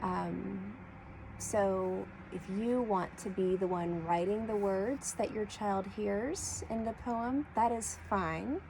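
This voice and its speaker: A woman teaching a preschool class, speaking slowly and clearly as she sounds out letter blends for young children. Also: mid-range voice, noisy background. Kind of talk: slow read-aloud lesson for young children.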